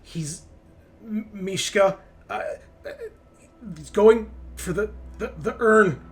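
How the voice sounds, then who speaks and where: Man doing a glitching male android, stuttering, raised pitch, broken phrases. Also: slow pace. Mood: fading.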